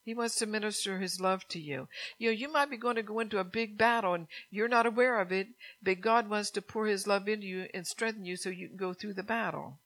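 A woman's voice: mid-range voice, fairly quick, few pauses, fairly bright tone, low-quality recording. A middle-aged woman preaching a sermon in church, chatty, asking the congregation questions and laughing often.

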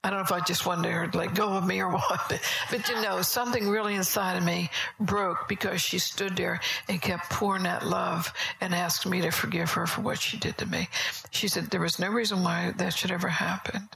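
Gravelly-voiced woman preaching softly. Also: fairly low pitch, fairly even intonation, brisk, rough recording. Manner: conversational storytelling, soft and often whispery. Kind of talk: sermon. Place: church service.

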